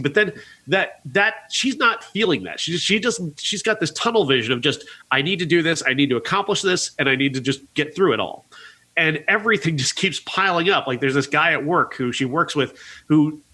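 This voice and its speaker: A man's voice: fairly high pitch, bright, forceful tone, breathy edge. A man reviewing films on a podcast, recounting a plot at length with frequent fillers. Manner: earnest, recounts plots at length with many uh fillers. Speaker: podcast film critic. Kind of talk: casual podcast movie review.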